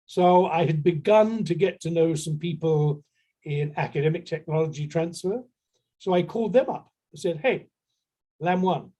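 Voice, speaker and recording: A middle-aged man leads a conference workshop, telling an anecdote with dry humor. His voice sits a little high for a man and sounds mellow and relaxed. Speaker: workshop presenter.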